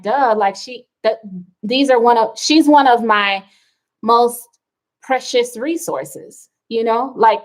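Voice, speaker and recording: A woman's voice: a little high, rough recording. A middle-aged woman hosting a wellness livestream, chatting casually and reading out viewer comments with rambling asides.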